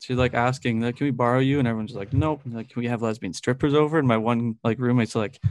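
A man's voice: medium pitch, steady tone, quick pace, dry recording. Rambling young guy telling a story. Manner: rambling, fills speech with "like", laughs often. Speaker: podcast co-host telling a story. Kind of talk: casual storytelling chat.

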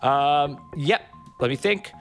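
A man hosts his podcast in a casual, meandering way, full of asides, fillers and jokes. He comes from Miami Beach and sounds a little under the weather. Faint music sits quietly behind his voice. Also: on the high side, slow pace, gravelly. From Miami Beach, Florida. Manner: rambling, loose and joking, with filler words. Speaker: podcast host.

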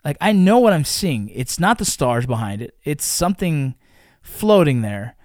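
A man with a slightly raised voice tells a story in casual podcast chat. He curses freely and flares into shouts at the tense moments. The sound is dry and close to the mic. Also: a little high, moderate pace, no room sound. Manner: animated, profane, shouts during exciting moments. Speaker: podcast host.

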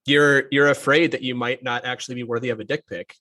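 A man's voice: medium pitch, steady tone, fast talker, sharp tone. A man hosting a podcast, interviewing his guest casually and playfully, joking often. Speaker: podcast host.

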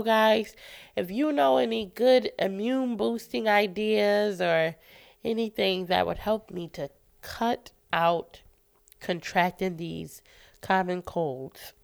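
A woman's voice: mid-range voice, gravelly. A woman hosting a faith podcast, talking earnestly and encouragingly while stuffy from a cold. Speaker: podcast host. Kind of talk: casual faith podcast talk.

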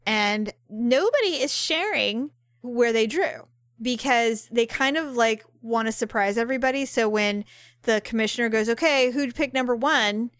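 A woman co-hosting a casual chat, telling stories with loud exclamations and frequent laughter. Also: a little high, moderate pace, no echo, clean studio sound. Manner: animated, exclaims and laughs loudly. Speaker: podcast co-host.

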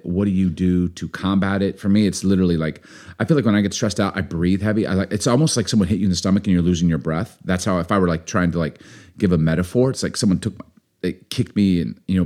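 A man co-hosting a podcast, chatting in a relaxed, rambling, joking way. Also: low-pitched, fast talker. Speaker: podcast co-host. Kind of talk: casual podcast chat.

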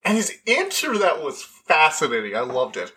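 Bright-voiced man excitedly reviewing a show. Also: fairly high pitch, normal speed. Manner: excited, rambling with fillers and restarts. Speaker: podcast reviewer. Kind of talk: casual review monologue.

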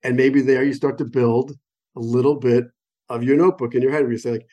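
An American wine expert on a phone call speaks briskly in a mellow, mid-range voice with a steady tone. In this conversational interview, he explains with enthusiasm, drifting into digressions and offering many examples.

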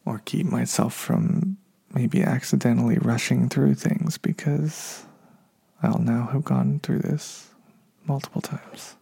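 A man speaks alone on his podcast in a hushed, husky, deep-toned voice with a strong gravelly fry. He talks loosely and unscripted, often correcting himself along the way. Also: takes it slowly. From United States. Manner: unscripted, self-correcting, slightly frustrated. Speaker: podcast host. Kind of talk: solo podcast monologue.

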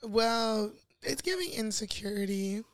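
A woman's voice: on the high side, expressive, a little slow, no room sound. A woman co-hosting a casual chat podcast, giving blunt, opinionated takes. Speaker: podcast co-host.

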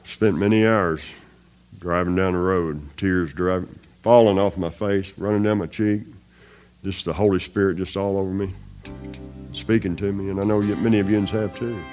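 Folksy preaching man, lowish voice. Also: steady tone, moderate pace, darkish tone, soft background music. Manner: folksy, emphatic preaching with repetitions. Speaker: chaplain. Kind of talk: testimony sermon.

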